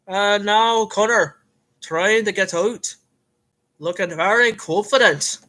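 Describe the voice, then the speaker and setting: A man speaks in a high, slow, sharp-toned voice, playing a self-styled Irish fight commentator with a put-on Irish accent that's admittedly a bit off. His comic play-by-play is heavily acted, hammy, excitable, and packed with rambling fillers. The recording is rough.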